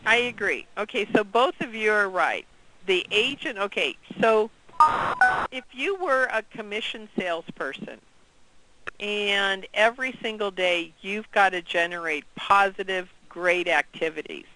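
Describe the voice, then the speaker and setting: A man leading an interactive training session, energetic and quizzing the group. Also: high-pitched, unhurried, poor audio.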